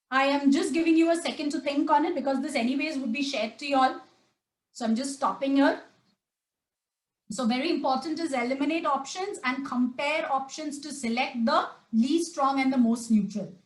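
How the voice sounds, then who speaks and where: A woman's voice: high voice, fairly bright tone, echoey room, rough recording. A woman tutor leading a live class, questioning the students and then answering herself. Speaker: test prep tutor. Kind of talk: live online class lecture.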